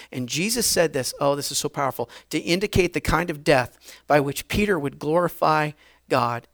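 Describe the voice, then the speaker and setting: A male pastor preaching a sermon, retelling a scene dramatically and switching between quiet, intimate passages and loud, urgent ones. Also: a little high, moderate pace, creaky. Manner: dramatic, acts out voices of biblical figures, swings from soft to loud.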